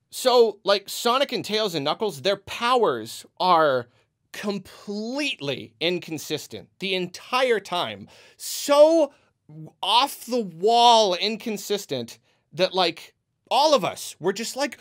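A man's voice: high-pitched, a little slow. A man ranting in a movie review, exasperated and rambling, with many restarts. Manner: acts out quoted reactions in an animated way.

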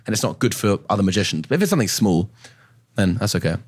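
A man's voice: lowish voice, very animated, fast talker, a little mellow, breathy edge. A young British man, a magician guest on a podcast, chatting in an easygoing way, often adding "you know" and laughing. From Britain. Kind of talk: casual podcast chat.

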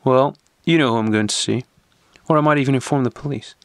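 A man's voice: medium pitch, quick pace, no echo, studio quality, natural voice. A man voicing a scornful teenage bully. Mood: menacing. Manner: scornful, commanding, menacing. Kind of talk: audiobook reading.

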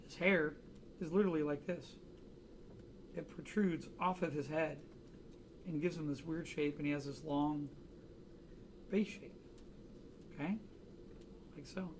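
A man's voice: on the high side, steady tone, a little slow, pauses often, a little hiss or hum. A man teaching a drawing class, chatting casually and joking through anecdotes in front of students. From United States. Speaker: art instructor.

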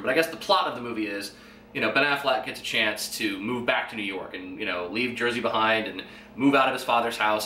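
A man's voice: medium pitch, bright, forceful tone. A man in his twenties hosting a podcast, rambling casually and swearing freely. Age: 20s. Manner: rambling and profane, with fillers and chuckles. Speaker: podcast host. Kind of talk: casual solo monologue. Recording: echoey room, faint background noise.

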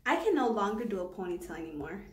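In her home vlog, a woman gives herself a haircut while chatting casually, flustered, swearing and laughing nervously. Her mid-range voice is lively and quick, and the room at home is reverberant and echoey.

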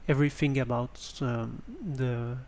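A man with a French accent giving a hesitant spoken tutorial on a basic microphone, pausing often with ums and restarts. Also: medium pitch, level tone, a little mellow. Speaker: tutorial presenter.

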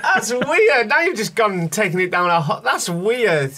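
A man's voice: sits high, big pitch swings, normal speed, heavy background noise. A man co-hosting a podcast in casual comic chat, cheeky and teasing. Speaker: podcast co-host.

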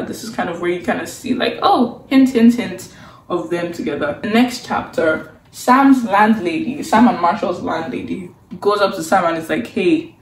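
A woman's voice: lowish voice, a little hiss or hum. A young woman recapping a webtoon in a casual, chatty way, sarcastic and exasperated, saying "like" a lot. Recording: roomy sound from a distance.

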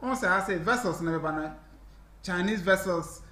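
A man's voice: high-pitched, moderate pace. A Ghanaian man, a journalist, chatting casually and explaining at length in Twi mixed with English, with a Ghanaian accent. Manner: animated, laughing, explaining at length. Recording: roomy echo.

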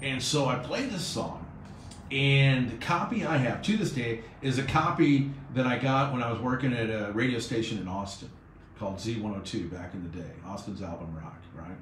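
A male radio host spins a story in a lively way, slipping into the voices of the people he quotes. His voice sits in a roomy studio. A faint hiss runs under it. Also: mid-range voice, moderate pace.

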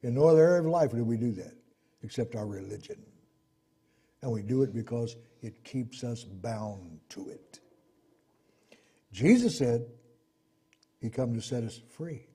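A man preaching a sermon, swinging between loud emphatic points and low asides, acting out the people he quotes. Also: animated, unhurried, long pauses, slightly rough.

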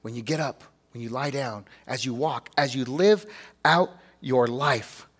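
A man's voice: mid-range voice, a little slow, husky. A man preaching a sermon as a pastor, earnest and emphatic, talking to the congregation conversationally and asking rhetorical questions.

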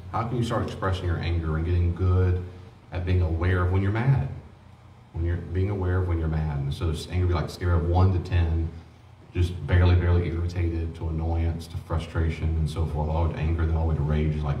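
A man with a low voice teaches a grief class before a small group, talking fast and folksy. He acts out quoted exchanges. The sound is roomy and distant, with faint noise behind. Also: steady tone, dull audio. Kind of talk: informal church teaching.

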